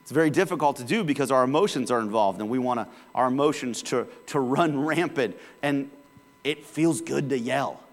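A man's voice: medium pitch, moderate pace, big-room sound. A male pastor preaching a sermon in a casual, conversational way, with sudden bursts of volume.

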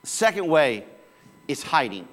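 A man's voice: fairly high pitch, big pitch swings, unhurried, a bit bright, big-room sound. A male pastor preaching a sermon in a casual, conversational way, with sudden bursts of volume.

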